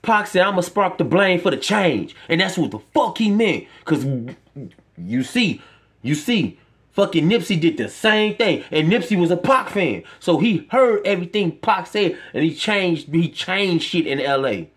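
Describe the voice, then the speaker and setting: A man's voice: sits high, very animated, a little slow, fairly bright tone, breathy edge. A man, speaking straight to his viewers. He rants with passion and profanity, preaching his point again and again. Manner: impassioned, profane, preachy ranting. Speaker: vlogger. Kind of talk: emotional monologue to camera.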